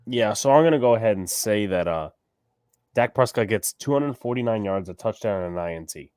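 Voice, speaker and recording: A man co-hosting a sports podcast, with a lowish voice recorded dry and close. He is low-key and matter-of-fact, reading chat messages and giving picks, letting his lines trail off at the end. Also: expressive, fairly quick, a little mellow, clean tone, no echo. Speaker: podcast co-host, reads the chat.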